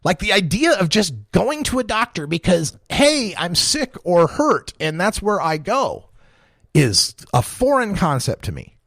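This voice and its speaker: A fortysomething talk radio host delivers a heated, profane monologue, his voice swinging widely up and down and sitting a bit high. He breaks into chuckles as he rants. The sound is close and dry, with no room around it. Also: sing-song, a little slow, a bit bright, no echo. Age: 40s. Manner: impassioned, profane ranting.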